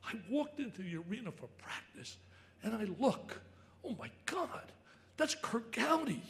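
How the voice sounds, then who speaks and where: Excitable older New man, high voice. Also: unhurried, creaky. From New Jersey. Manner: excitable, emphatic, bursts into shouts. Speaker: sportscaster giving an induction speech. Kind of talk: storytelling speech.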